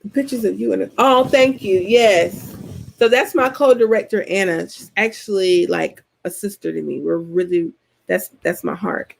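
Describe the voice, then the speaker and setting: Southern woman vlogger, mid-pitched with some vocal fry, animated and colloquial, chatting casually to camera. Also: normal speed. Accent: Southern American. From Georgia, US. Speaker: vlogger host answering subscriber comments. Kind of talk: casual chat.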